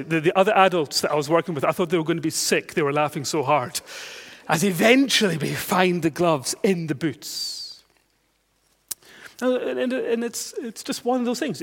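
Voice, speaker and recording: A Scottish man preaching a sermon, telling a funny story with self-mocking humour and lively exasperation. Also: on the high side, normal speed.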